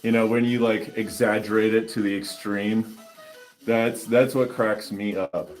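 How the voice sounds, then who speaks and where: A man's voice: fairly low pitch, fairly even intonation, a little slow, echoey room, faint music behind. A man hosting a fitness channel, chatting casually and laid-back with viewers during a workout.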